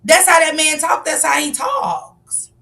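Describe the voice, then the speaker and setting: A woman's voice: high-pitched, steady tone, a little slow, vocal fry, sharp tone, shouting, recorded from a distance. A woman giving passionate live-stream commentary, firing off rhetorical questions and sometimes raising her voice. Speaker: livestream commentator.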